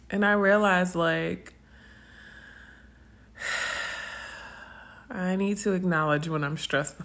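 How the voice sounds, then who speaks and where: Slow-talking woman podcaster, candid and profane. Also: lowish voice, gravelly, a bit bright. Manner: candid and profane, laughs often. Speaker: podcast host. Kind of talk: casual personal monologue.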